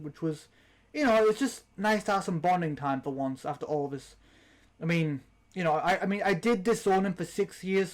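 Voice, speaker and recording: Young British male host, high voice, casual rambling unboxing chat. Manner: rambling, chatty, with many ums and restarts. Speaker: channel host.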